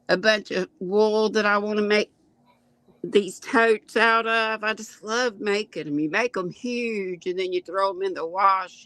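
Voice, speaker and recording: A woman's voice: mid-range voice, fairly bright tone, no echo. An older woman co-hosting a knitting live stream, chatting in a homey, enthusiastic way about her crafts. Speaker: co-host, knitter. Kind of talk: casual live-stream chat.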